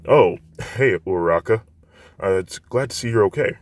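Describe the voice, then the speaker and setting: A man's voice: fairly low pitch, lively intonation, normal speed, no echo, lightly acted. A man voicing a modest, hesitant teenage boy. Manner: hesitant, with filler words.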